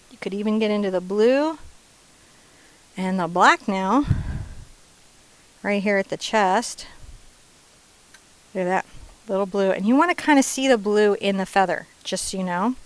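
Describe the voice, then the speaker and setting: A woman's voice: medium pitch, a little slow, long pauses, dry recording, low-quality recording. Casting: woman painting instructor, chatty and playful, mid-range voice, casual step-by-step lesson. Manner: chatty and playful, drops into soft asides.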